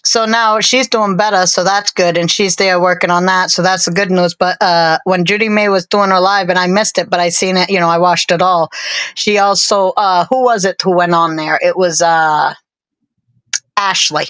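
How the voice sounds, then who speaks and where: A woman co-hosting a live stream, chatting casually in a rambling, self-deprecating way with many fillers and pauses. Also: on the low side, fairly even intonation, fairly bright tone, clear, resonant tone, no room sound, poor audio.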